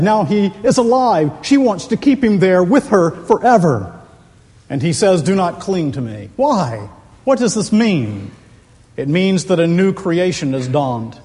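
Male preacher, higher-pitched, measured and deliberate delivery with impassioned peaks, large church with long reverb. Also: darkish tone. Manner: slow, deliberate, rising to impassioned emphasis. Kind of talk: expository sermon.

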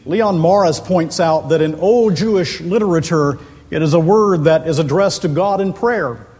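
A man preaches in a high, unhurried voice, lingering over each phrase before rising to fervent emphasis. His words ring out through a large church sanctuary with a long, trailing reverb. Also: darkish tone. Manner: slow, deliberate, rising to impassioned emphasis. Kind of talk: expository sermon.

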